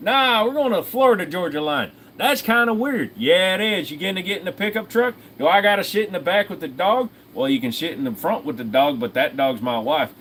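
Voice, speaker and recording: A man's voice: sits high, animated, a little fast, few pauses, fairly bright tone, a little hiss or hum, voice pushed up. A man with a Southern US accent putting on a crude, joking rural Southern man's voice in a bit of banter.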